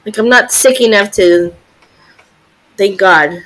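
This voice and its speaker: A woman's voice: mid-range voice, takes it slowly, fairly bright tone. A woman in her forties, co-hosting a podcast in casual chat, talking in a chatty, sympathetic way with many fillers. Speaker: podcast co-host.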